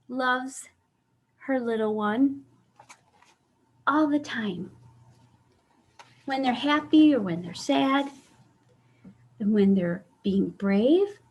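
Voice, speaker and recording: Reading a picture book aloud for a children's story time on a video call, this high-pitched woman takes her time. She's animated and keeps asking the kids questions.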